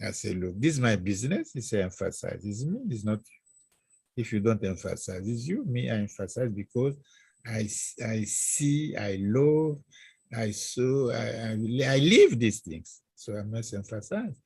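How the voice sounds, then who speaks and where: A low, husky-voiced man speaks English, his tongue showing as he hunts for words. He tells his stories haltingly, then grows animated, and the sound is close and dry. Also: no room sound. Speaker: guest scholar. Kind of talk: reminiscing interview talk.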